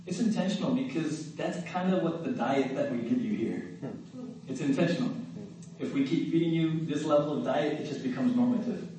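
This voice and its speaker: A man's voice: a little high, normal speed, mellow. A man preaching a sermon in a church, talking to the congregation in an easy, conversational way, asking them questions and saying "right?" often. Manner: conversational, asks the crowd questions, repeats "right?". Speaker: pastor. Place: church sanctuary. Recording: very echoey hall, mic at a distance, faint noise.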